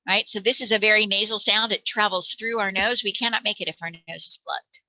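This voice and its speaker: A woman's voice: medium pitch, fairly even intonation, a little fast, bright, forceful tone, no room sound, rough recording. An American woman teaching parents letter sounds, patiently demonstrating each one aloud. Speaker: reading teacher.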